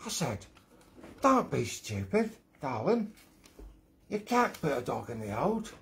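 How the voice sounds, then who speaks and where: A man's voice: fairly high pitch, sing-song, takes it slowly, heavily acted. A man putting on a cheeky, brash London comic character, his Cockney accent slipping toward Australian as he tells a joke. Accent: attempted London Cockney, slipping toward Australian. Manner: exaggerated, bouncy joke delivery.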